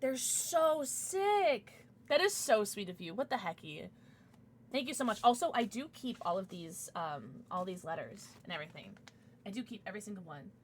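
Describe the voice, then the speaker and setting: A woman's voice: medium pitch, expressive, a little hiss or hum. A young woman livestreaming from home, chatting casually and gushing over gifts and viewers. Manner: bubbly, gushing, quick swings to squeals and mumbles. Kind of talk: casual chat.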